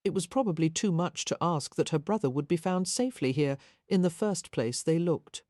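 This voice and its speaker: Female narrator, measured reading, mellow and low. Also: expressive, dry recording, studio quality. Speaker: audiobook narrator. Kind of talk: scripted narration.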